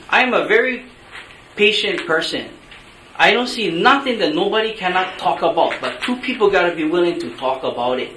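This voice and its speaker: Angry Hawaiian man testifying, bright voice. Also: high voice. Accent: Hawaiian Pidgin-tinged English. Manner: angry, pleading, blunt. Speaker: public testifier. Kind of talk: public testimony at a meeting. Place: large meeting room. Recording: echoey meeting room, faint hiss.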